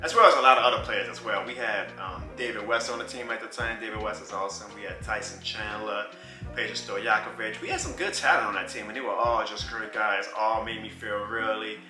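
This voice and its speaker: Animated storytelling man, bright voice. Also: lowish voice, a little fast. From New Orleans. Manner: animated, laughs often, acts out voices. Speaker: vlogger telling a personal story. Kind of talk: casual storytelling. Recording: roomy with faint music.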